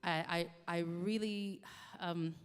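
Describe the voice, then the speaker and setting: A woman in her forties, a singer-songwriter, telling a personal story in a halting, heartfelt way with many restarts. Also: on the low side, fairly even intonation, smooth. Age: 40s. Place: coffee shop. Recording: long reverb, echoey room.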